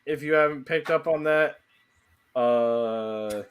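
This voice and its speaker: A man's voice: medium pitch, slow pace, clean tone, muffled recording. A man in his thirties hosting a casual drinking chat, drunk and loose, joking crudely. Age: 30s. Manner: loose, laughing, crude banter.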